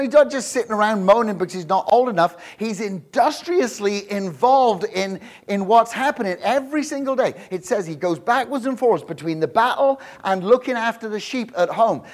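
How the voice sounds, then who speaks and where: A male preacher giving an animated, jokey sermon, often laughing and checking in with the crowd with quick rhetorical questions. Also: high voice. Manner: animated, asks the crowd frequent "right?" questions.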